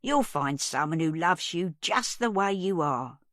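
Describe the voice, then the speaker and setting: A woman's voice: lowish voice, animated, a little slow, a bit bright, no echo, clean studio sound. A woman voicing a guileless, kindly older woman who chats homely and mild. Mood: gentle.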